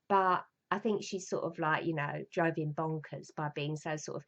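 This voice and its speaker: Gravelly chatty London woman. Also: low-pitched, steady tone, brisk, hardly any pauses, highs cut off. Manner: chatty, rambling, swears, acts out voices. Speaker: storyteller. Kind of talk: casual reminiscing monologue.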